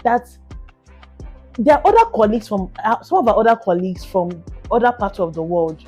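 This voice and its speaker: A Nigerian woman co-hosting a podcast in casual chat, talking quickly and repeating herself as she gets going. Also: medium pitch, lively intonation, mellow, breathy edge, highs cut off, faint music behind. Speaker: podcast co-host.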